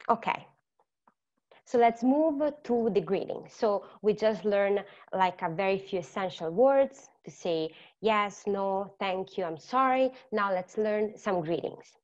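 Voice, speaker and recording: A woman with an Italian accent gives an online beginners' lesson at a middle pitch. She talks patiently, repeats each word and quizzes the class. The sound is a little dull and lo-fi. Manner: patient, repeats words slowly and quizzes the learner. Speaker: language teacher.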